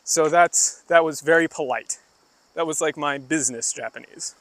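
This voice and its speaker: A man's voice: on the high side, normal speed, a bit bright, dry recording. Chatty man walking outdoors, crickets behind. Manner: chatty, loose, explains with many fillers and asides. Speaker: streamer answering chat. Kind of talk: casual live-stream chat while walking outdoors. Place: outdoors on a rural walk.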